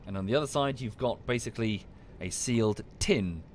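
A man's voice: fairly low pitch, brisk, a little mellow, a little hiss or hum. A man from the UK chatting casually while streaming a game, with dry muttered asides. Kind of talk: casual gameplay commentary.

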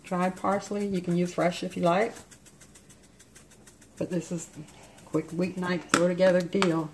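A woman's voice: on the low side, little pitch movement, a little slow, darkish tone. A woman cooking at home, chatting through each step of a recipe while her mouth is still numb from the dentist. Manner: chatty, explains each step as she goes. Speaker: home cook. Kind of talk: casual cooking demonstration. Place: home kitchen. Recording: home kitchen clatter and noise.

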